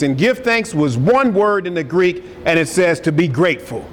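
A man's voice: on the high side, very animated, moderate pace. A man preaching a sermon, emphatic and calling out to his congregation. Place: church sanctuary. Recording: long reverb of a large hall, faint noise.

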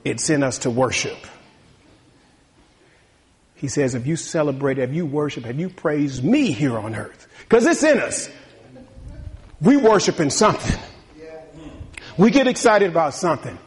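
Pastor guy preaching, kinda high voice, loose and chatty, laughs a lot then gets loud and fired up. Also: very animated, unhurried, long pauses. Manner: conversational preaching, laughs often, builds to emphatic bursts. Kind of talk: sermon.

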